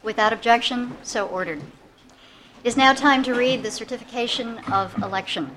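A woman presiding over a legislative session, reading formal announcements and a list of names in a measured, steady official delivery. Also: fairly high pitch, noisy background.

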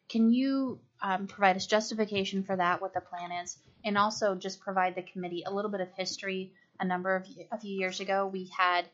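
A woman chairing a legislative committee hearing, formal and procedural as she calls on members and questions a witness. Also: medium pitch. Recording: muffled lo-fi hearing audio.

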